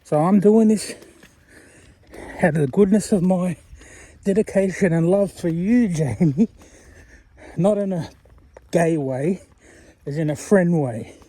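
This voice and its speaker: A man's voice: sits high, a little slow, long pauses, mellow. A man chatting in a rambling, wandering way while he walks, talking to a channel owner he admires. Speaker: viewer sending a video message. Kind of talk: rambling casual monologue.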